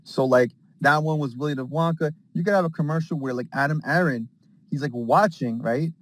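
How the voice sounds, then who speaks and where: A man chatting casually from a parked car, telling a rambling, excitable story packed with fillers and slang. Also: a little high, a little fast, no echo, rough recording. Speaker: space participant. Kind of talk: casual chat.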